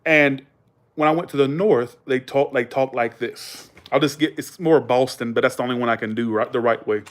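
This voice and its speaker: A mid-range, fairly even voice moving fairly quickly belongs to a Southern US man. Casual and rambling on a live stream, he tells stories in a Southern accent and swears freely.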